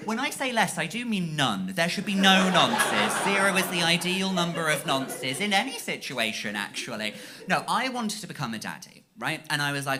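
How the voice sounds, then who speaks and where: A man's voice: a little high, big pitch swings, normal speed, crowd noise. A stand-up comedian from Cornwall, a man talking in a chatty, self-mocking way and checking in with the audience on a comedy stage. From Cornwall, England. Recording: live show with loud audience laughter.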